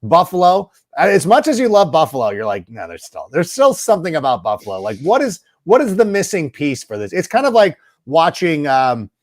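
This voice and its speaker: A man's voice: fairly high pitch, wildly swooping pitch, fairly quick, few pauses, no echo, clean studio sound. A middle-aged man appears as a football analyst guest in a casual interview, chatting at length and rambling through his opinions with asides. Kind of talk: casual sports talk interview.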